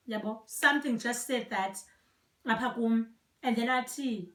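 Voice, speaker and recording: A young woman from South Africa speaks with a Xhosa accent, her voice a little high and set back from the mic. The room around her rings with echo. She talks in a soft, reflective, earnest way, mixing Xhosa into English. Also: measured pace. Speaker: vlogger. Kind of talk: personal storytelling, code-switching. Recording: echoey room, voice from a distance.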